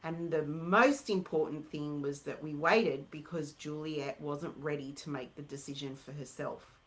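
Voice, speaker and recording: Middle-aged mum on a podcast, really low voice, calm and thoughtful. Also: female voice, a little slow, poor audio. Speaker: guest, mother. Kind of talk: casual conversation.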